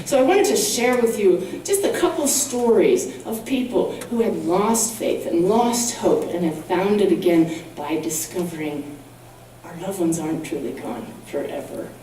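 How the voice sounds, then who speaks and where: A woman's voice: on the low side, lively intonation, unhurried, warm tone, a little hiss or hum. A middle-aged woman, a guest speaker and medium, telling stories earnestly to a congregation. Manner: earnest, storytelling. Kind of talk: storytelling talk to a congregation. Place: large hall at a spiritual centre. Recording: echoey hall from far off.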